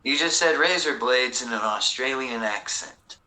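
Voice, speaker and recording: A man's voice: medium pitch, moderate pace, sharp tone, rough recording. A man who is a guest on a casual livestream chat, joking around and telling corny jokes. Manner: jokey, tells corny jokes, laughs easily.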